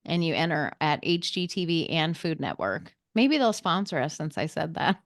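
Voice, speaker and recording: A woman hosting a podcast, chatty and quick to laugh, asking her guests lots of questions. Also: low voice, sing-song, dry recording, studio quality. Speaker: podcast host. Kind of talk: casual chat.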